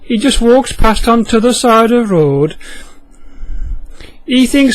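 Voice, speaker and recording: A man's voice: very high voice, lively intonation, a little slow, dry recording, rough recording. A man with a broad Yorkshire accent telling a Bible story in dialect, folksy and chatty with asides to the listener.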